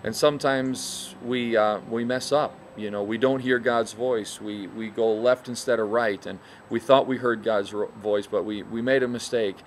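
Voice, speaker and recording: A man's voice: fairly low pitch, fairly even intonation, normal speed, hardly any pauses, slight background noise. A middle-aged man, a minister, tells a folksy story as a casual devotional talk, full of "you know" fillers, from a bed and breakfast.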